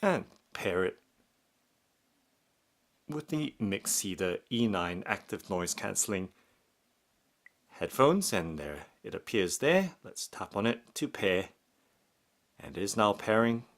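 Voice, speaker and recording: A man walks through a gadget demo in a slow, measured way, explaining each step. His voice sits low, yet his pitch swings widely, lifting on each new action. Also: sing-song. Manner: slow, methodical step-by-step narration. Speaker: product reviewer. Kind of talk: unboxing demonstration narration.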